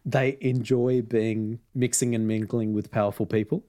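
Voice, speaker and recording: A man's voice: medium pitch, steady tone, normal speed, mellow. A man casually retelling a story as podcast host, with frequent ums and laughs. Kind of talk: casual chat.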